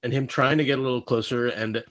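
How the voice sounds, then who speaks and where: A man's voice: medium pitch, steady tone, quick pace, a bit bright. A man co-hosting a podcast, talking thoughtfully about a TV episode, with hesitant starts. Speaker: podcast co-host. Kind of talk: casual discussion of a TV episode.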